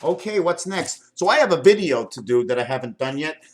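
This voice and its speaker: A man's voice: fairly high pitch, expressive, a little fast, background noise. An older man talking to his camera in a home vlog, rambling from one topic to the next and showing things as he goes. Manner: wandering stream-of-consciousness talk, jumping between topics; shows items to the camera while talking. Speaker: vlogger.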